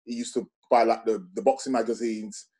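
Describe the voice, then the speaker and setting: A man's voice: on the low side, steady tone, a little fast, dark tone. A man, a guest telling a casual story, rambling with many fillers and restarts.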